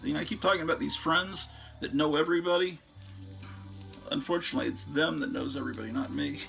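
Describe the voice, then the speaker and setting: A man's voice: fairly high pitch, fairly even intonation, fast, gravelly, fairly bright tone, soft background music. A man hosting a show, chatting casually and enthusiastically about his record collection in a rambling way, often trailing off into fillers.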